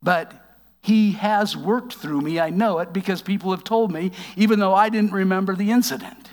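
A man giving a conversational sermon, reading scripture aloud and explaining it with wry asides, slowing down for emphasis. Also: sits high, big-room sound. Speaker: preacher.

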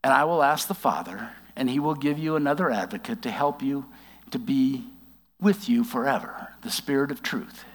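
A man giving a conversational sermon, reading scripture aloud and explaining it with wry asides, slowing down for emphasis. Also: mid-range voice, big-room sound. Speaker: preacher.

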